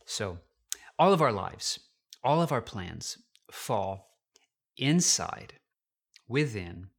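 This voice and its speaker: A man's voice: on the low side, big pitch swings, extremely slow, gravelly, fairly bright tone, husky. A man, a pastor, telling a personal story in a sermon, with many restarts and a confessional tone.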